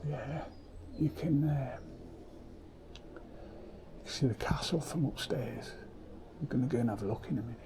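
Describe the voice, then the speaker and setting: A man's voice: medium pitch, normal speed, pauses often. A man exploring an abandoned old building, talking in sweary, half-whispered, matter-of-fact asides. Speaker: urban explorer vlogger. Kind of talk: casual exploring commentary. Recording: loud background noise.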